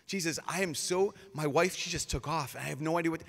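A man, a priest, giving a lively storytelling talk with casual fillers, acting out quotes in changing voices. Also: a little high, brisk, vocal fry. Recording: live talk with long hall reverb.

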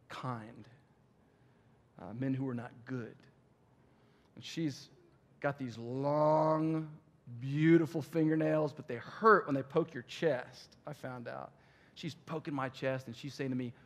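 Male pastor, animated sermon storyteller, slips into dialogue, voice sits on the high side.

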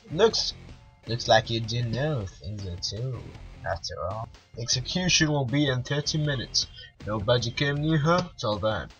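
A man voicing a bossy male army drill sergeant who shouts orders at recruits. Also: medium pitch. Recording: dull lo-fi with faint music.

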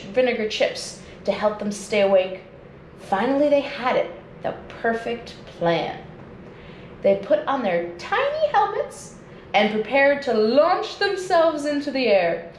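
A woman nature educator reads a children's picture book aloud, slowly and with lively swings in pitch. Her voice sits fairly high. The recording is echoey, with a faint hiss in the background. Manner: slow, expressive read-aloud. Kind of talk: storybook reading for children. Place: indoors at home. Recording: echoey room with faint noise.

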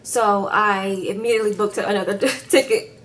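A woman's voice: medium pitch, normal speed, slight background noise. Sassy woman recapping a show. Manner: sassy, animated, laughing asides. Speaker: reality TV recap vlogger. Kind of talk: casual episode recap.

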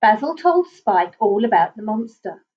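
A woman reading a children's picture book aloud in a gentle, expressive way. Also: medium pitch, moderate pace, dull audio. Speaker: storybook reader.

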